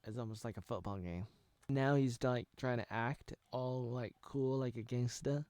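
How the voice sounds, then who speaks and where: An American man in his thirties riffs on a TV show in a loose, rambling way, often stopping to restart his sentences. His voice sits at an ordinary middle pitch. The sound is dry and close, with no room around it. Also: normal speed, darkish tone, no echo. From United States. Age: 30s. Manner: rambling, self-correcting, jokey. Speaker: video commentator. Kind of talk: casual parody commentary over a show.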